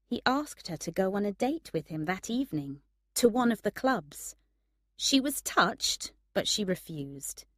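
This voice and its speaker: Woman, audiobook narration for learners, unhurried, dry close sound. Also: medium pitch, big pitch swings, fairly bright tone, no room sound. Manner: slow, clear reading for learners. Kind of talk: graded-reader audiobook narration.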